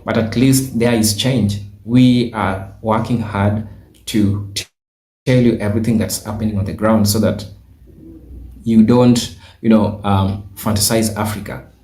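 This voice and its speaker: A low, warm-toned man speaks earnestly and at a steady pace. The recording rings with room echo, which marks it as a clip played back from his video. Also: unhurried. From Kenya. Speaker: YouTuber. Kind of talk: advice vlog.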